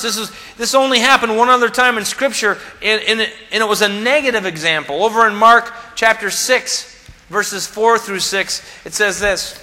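A male pastor preaching emphatically in a church sanctuary, his voice high for a man and strikingly bright. He acts out the voices he quotes, and a long hall reverb hangs behind every phrase. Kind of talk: sermon.

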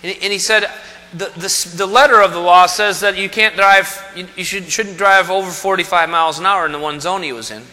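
A man's voice: high-pitched, fairly even intonation, brisk, pushed and bright, in a large hall. A man preaching a sermon as pastor, conversational and full of rhetorical questions.

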